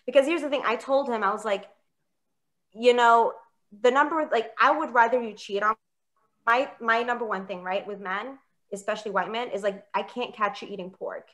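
Bright-voiced woman doing stand-up. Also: a little high, a little fast. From Palestinian American. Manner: chatty, self-mocking, acts out quoted dialogue. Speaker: stand-up comedian. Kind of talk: stand-up comedy set. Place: comedy club stage with live audience.

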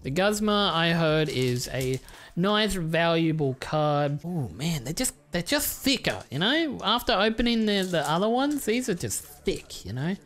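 A man giving casual, crude commentary while opening trading card packs, excitable and swearing often. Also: fairly high pitch, a little slow, faint music behind. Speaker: YouTuber.

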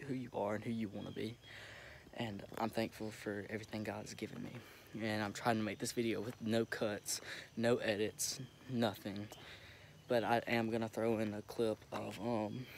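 A young man recording himself on his phone, talking haltingly with many restarts as he holds back tears. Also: lowish voice. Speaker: vlogger. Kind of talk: emotional direct-to-camera update. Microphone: phone camera. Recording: phone recording with noticeable background noise.

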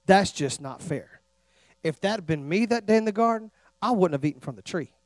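A man puts on a self-righteous churchgoer who whines that it isn't fair and pleads how good they are. His voice is high and dry, softened into a pious, pleading tone. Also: animated, brisk, no echo. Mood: whiny protest. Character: whiny self-righteous churchgoer protesting innocence. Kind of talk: sermon.

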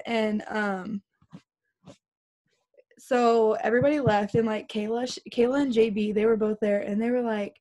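Rambling young woman, high voice. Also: steady tone, moderate pace, a little mellow. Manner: rambling, fillers like "like" everywhere. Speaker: team member sharing her story. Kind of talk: casual chat on a group video call.

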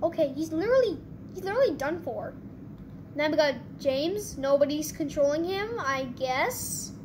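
A woman hosting her channel, giving excitable gameplay commentary with quick reactions. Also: sits high, noisy background. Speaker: channel host.

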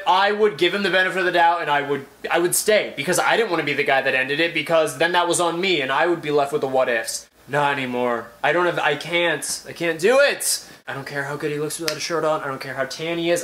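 A young man telling a dramatic storytime vlog, animated and swearing freely. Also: on the high side. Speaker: vlogger.

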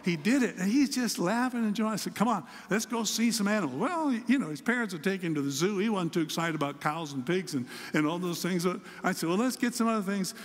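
A man's voice: sits high, lively intonation, fast, hardly any pauses, long reverb tail. An older man, a pastor, preaching a sermon and telling a story about his grandson. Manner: storytelling, acts out a child's voice in quotes. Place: church sanctuary.

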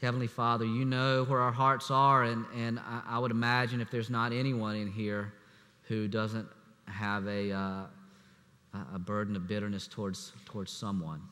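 A man preaching a sermon as assistant pastor, speaking conversationally with restarts and fillers, sometimes dropping to a hushed voice. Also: lowish voice, flat delivery, normal speed. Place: church sanctuary. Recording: echoey church hall.

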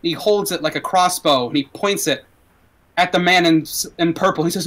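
A man running a tabletop game as dungeon master, with a fairly high voice. He tells the story loosely, with plenty of fillers and restarts. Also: moderate pace, fairly bright tone, low-quality recording.

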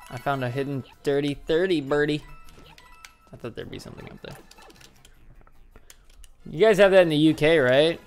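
A man casually commenting on a video game while a little tipsy, rambling, joking and swearing freely. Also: mid-range voice. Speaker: gameplay streamer.

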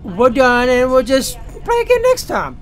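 A gaming YouTuber commentates his own play casually, cursing and ranting when frustrated before turning to address his viewers directly. His voice is very high-pitched with huge swings in pitch, and he talks a little slowly.

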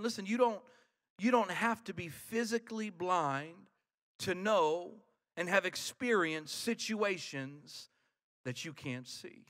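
A man preaching a sermon as pastor, swinging from quiet, hushed passages to loud shouted appeals. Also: high voice, unhurried, big-room sound. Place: large church hall.

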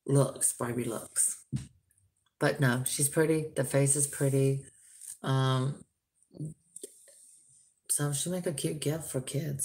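Woman vlogger, low and unhurried; chatty, rambling doll reviewer with a sharp edge. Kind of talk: casual doll review vlog.

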